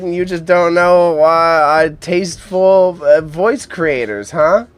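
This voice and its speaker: A man's voice: sits high, normal speed, hardly any pauses, clear, resonant tone, faint music behind. A young man hosting a casual livestream, joking and self-deprecating as he laughs along and banters with his chat. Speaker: livestream host. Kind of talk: casual live-stream chat.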